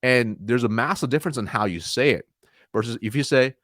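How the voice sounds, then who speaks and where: A man answering interview questions about sales calls, energetic, acting out timid and confident voices. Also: fairly quick, dry recording, clean studio sound. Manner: energetic, demonstrates weak and confident tones by shifting his pitch. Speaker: sales consultant, guest.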